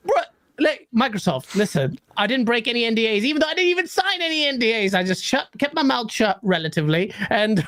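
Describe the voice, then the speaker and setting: A man riffing on games with a co-host. His pitch swings widely as he rambles and jokes, and he swears freely. The recording is dry and close. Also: fairly bright tone, dry recording. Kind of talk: casual podcast chat.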